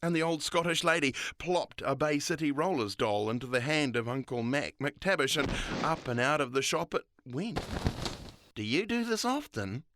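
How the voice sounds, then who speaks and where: A storyteller narrating a children's story in a playful, animated way. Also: mid-range voice, normal speed.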